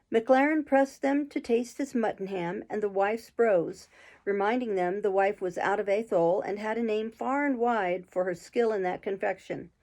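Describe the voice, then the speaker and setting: A woman's voice: fairly high pitch, darkish tone. A woman reading a classic adventure novel aloud, lifting her voice for the characters' quarrelling lines. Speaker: audiobook reader.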